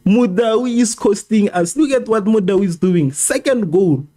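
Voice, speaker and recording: A livestream host reacts live to a football match, his voice slightly high but soft and mellow. He's animated and keeps a measured pace, exasperated as he frets over the game, repeats the same complaints, and argues with his chat.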